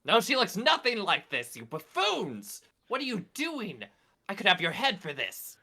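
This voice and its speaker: A man's voice: mid-range voice, sing-song, unhurried, bright, forceful tone, voice pushed up, full character voice. A man voicing a haughty, pompous church noble who scolds commoners in a tabletop game. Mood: scornful. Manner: pompous, imperious, insulting.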